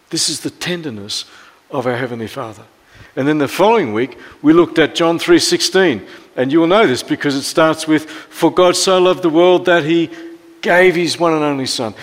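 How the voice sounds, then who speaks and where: An Australian man in his fifties preaching a sermon as pastor, telling stories and often dropping to a soft hush. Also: a little high, normal speed. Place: church. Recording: long church reverb.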